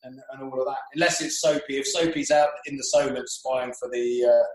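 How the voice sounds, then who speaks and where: A man's voice: medium pitch, steady tone, brisk, a little mellow, reverberant, low-quality recording. A man, a professional sailor, telling rambling anecdotes in casual chat, with frequent restarts.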